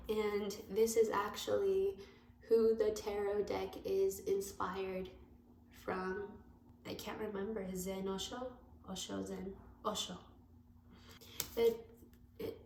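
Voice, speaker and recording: A woman tarot reader talks slowly and casually, her voice carrying some gravelly fry. She rambles, corrects herself and speaks warmly to her viewers. The recording sounds roomy and echoey, with a faint hiss of background noise. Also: mid-range voice. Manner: rambling, self-correcting, affectionate. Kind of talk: casual tarot reading to camera.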